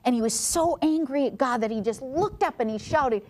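A woman hosting a devotional talk, an expressive storyteller who sometimes drops to a soft hush for emphasis. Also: high voice, normal speed, few pauses. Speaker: devotional and health segment host.

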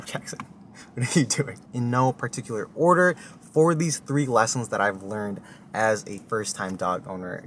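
A young man talking casually to camera in a relaxed, chatty vlog, with faint music behind him. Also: a little hiss or hum. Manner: relaxed, chatty, talks to his dog in a high excited voice. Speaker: vlogger and dog owner.

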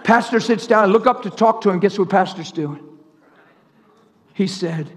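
A man preaching a sermon full of stories, animated, swinging from loud laughter to near whispers. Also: high-pitched, normal speed, long pauses, long reverb tail. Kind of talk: sermon with storytelling.

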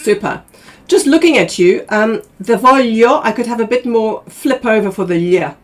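A woman coaching opera singers in a masterclass, probing and quick, humming snippets of the music as she talks. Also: on the high side, animated, a little mellow. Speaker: vocal coach.

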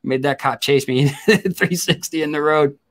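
A man's voice: a little high, unhurried. A man in his forties hosting a casual chat, telling crude stories and laughing often. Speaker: host.

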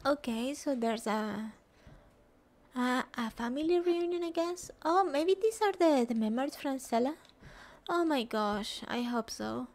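A woman's voice: high-pitched, animated, unhurried, darkish tone. A woman streaming a video game, emotional, with whispered gasps and exclamations. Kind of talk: game commentary.

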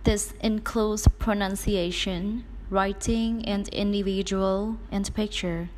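A woman teacher calmly explaining how to teach a vocabulary and conversation section. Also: medium pitch, takes it slowly, slight background noise, poor audio. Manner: plain, explanatory with some hesitations. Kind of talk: explaining a lesson plan.

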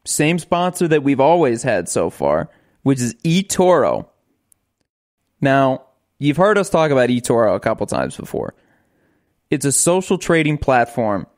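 A man co-hosting a casual podcast, talking animatedly, repeating words and talking over his partner, also reading the ad. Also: mid-range voice. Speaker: podcast co-host. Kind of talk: casual podcast chat and host-read ad.

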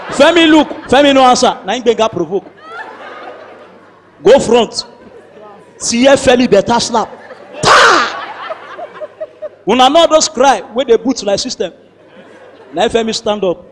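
Casting: young Nigerian man, Nigerian accent, very high bouncy voice, comic storyteller, echoey hall. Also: measured pace, pauses often, a little hiss or hum. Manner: animated, switching into character voices and laughing. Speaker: comedian narrator.

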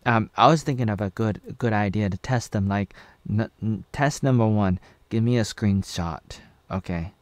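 A man's voice: fairly low pitch, moderate pace, no room sound. A man in his thirties from Oregon, casually reviewing a TV episode in a meandering, rambling way with chuckling asides to himself. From USA (Oregon). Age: 30s.

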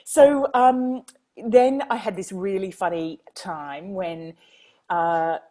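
An Australian woman from Queensland, a guest author telling lively stories, laughing often and acting out quoted dialogue. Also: mid-range voice, slow pace. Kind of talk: casual storytelling.

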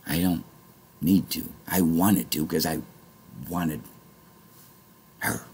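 A man with a very deep, gravelly voice speaks straight to his viewers in a rambling monologue. His tone is husky and rough at the edges. He drifts between quiet muttering and angry, cursing outbursts. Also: fairly even intonation, slow pace. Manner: rambling, swings from muttering to shouting angrily, swears often. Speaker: vlogger.

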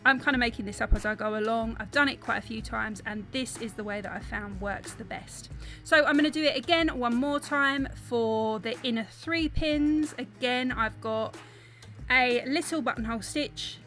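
A young woman from South East London narrates a craft tutorial, her accent clear as she drops her T's. Her voice is bright and a little high, and she explains each step in a chatty, apologetic manner. Faint music plays underneath. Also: normal speed. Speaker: embroidery tutor.

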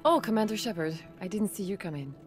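A woman's voice: medium pitch, animated, quick pace, soft background music, close to an everyday voice. An actress playing a woman doctor who runs a clinic, anxious and earnest, with an accent. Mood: worried. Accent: foreign-sounding accent. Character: woman doctor running a clinic, worried and blackmailed.

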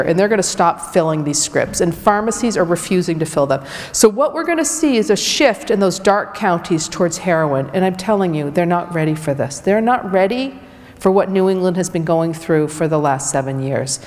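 A woman's voice: mid-range voice, a little mellow. Emphatic woman doctor lecturing in a hall. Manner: direct, emphatic, conversational. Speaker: physician and public speaker. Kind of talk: public health lecture. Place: community event hall. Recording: long reverb of a hall.

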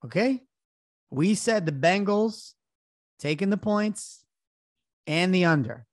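A man's voice: sits high, animated, slow, no room sound, clean studio sound. A man in his thirties, a podcast co-host, telling a self-deprecating story in casual sports betting chat. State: recovering from illness.

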